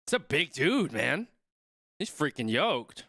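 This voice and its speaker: A man's voice: a little high, very animated, takes it slowly, sharp tone, dry recording, studio quality. A young man watching a rugby match live and chatting along, reading viewers' comments and thinking aloud, often trailing off mid-sentence. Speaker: streamer reacting to a rugby match.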